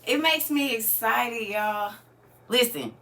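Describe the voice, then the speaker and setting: A woman's voice: on the high side, slow, sharp tone, recorded from a distance. A woman hosting a live stream, talking casually and half-preachy to her viewers and laughing often.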